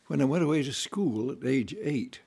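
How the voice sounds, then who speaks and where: An older man reminiscing about his childhood in a relaxed, anecdotal storytelling way, now and then acting out voices and sounds. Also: mid-range voice, normal speed, vocal fry, husky. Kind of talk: unscripted reminiscing monologue.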